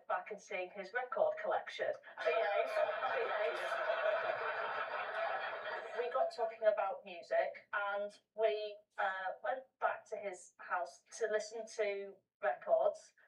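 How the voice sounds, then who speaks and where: A woman's voice: mid-range voice, slow. Woman guest telling a funny story, bit hesitant, laughing, echoey studio, mic kinda far. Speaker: panel show guest. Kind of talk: telling a comic anecdote. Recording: roomy studio, distant mic.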